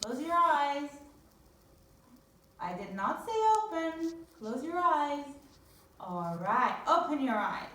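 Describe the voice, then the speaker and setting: A woman teaching a phonics lesson to young children, with drawn-out, sing-song repetition drills. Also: high voice, animated, a bit bright, far from the mic. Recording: very echoey room, voice from off-mic.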